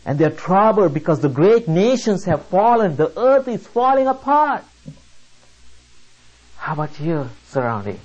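A preacher gives a sermon at an unhurried, deliberate pace, leaning hard on each point with rhetorical questions. The voice sits in a middle register. The recording sounds muffled and lo-fi. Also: mid-range voice, sing-song, darkish tone, husky. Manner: slow, emphatic, rhetorical questions.

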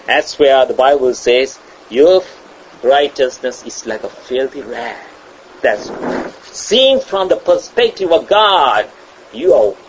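Slow, emphatic male preacher, lo-fi. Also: on the high side. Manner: emphatic, repeats and restarts phrases, acts out quoted voices. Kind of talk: sermon. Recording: dull lo-fi sound with faint ambient noise.

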